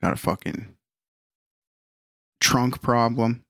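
A man's voice: medium pitch, slow, gravelly, fairly bright tone, no room sound, studio quality. A man co-hosting a podcast, joking around in profane, casual chat and laughing often. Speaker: podcast co-host.

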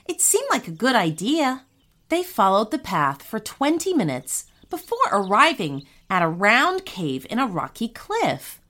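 A woman reading a children's story aloud in a slow, expressive way. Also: on the high side.

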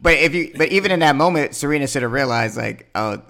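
Gravelly, bright-voiced man chatting. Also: on the high side, lively intonation, fast talker. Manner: laid-back, laughs often, frequent "yeah" backchannels. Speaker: podcast co-host. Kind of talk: casual chat.

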